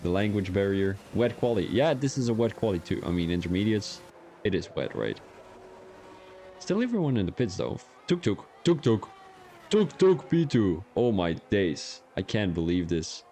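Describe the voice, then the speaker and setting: With a fairly low, slightly mellow voice, a young sim racing streamer provides live commentary on a race. His style is relaxed and playful, and he talks with his viewers while he commentates.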